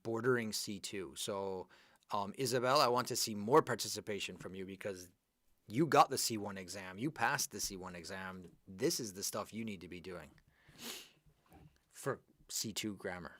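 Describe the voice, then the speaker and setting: A lively male English teacher runs a live grammar class, chatting with his students as he works through the answers. His voice sits on the low side. The sound is dry and close, with no room echo. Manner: lively, upbeat, chatty, praises students by name. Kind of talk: live online class, going over exercises.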